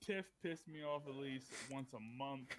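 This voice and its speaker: A man chatting casually as a tabletop player, reflective but emphatic. He often punches a word with a sudden loud stress. His voice sits at an ordinary middle pitch. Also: measured pace, a crowd in the background. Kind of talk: casual chat.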